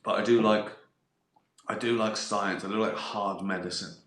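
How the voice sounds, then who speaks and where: A man's voice: on the low side, steady tone, moderate pace, a bit bright. A middle-aged man hosting a casual live stream, reading viewer questions and swearing often, breaking into laughter and acting out little voices. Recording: echoey room.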